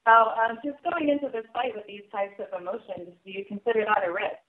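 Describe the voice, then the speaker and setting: A woman's voice: mid-range voice, fairly quick. A woman reporter asking fighters polite, direct questions on a press conference call. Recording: tinny phone line.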